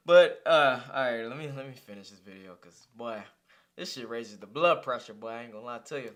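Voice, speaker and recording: A man's voice: medium pitch, quick pace, bright, forceful tone. A young man giving casual reaction commentary, blunt, profane and heated. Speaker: reaction streamer.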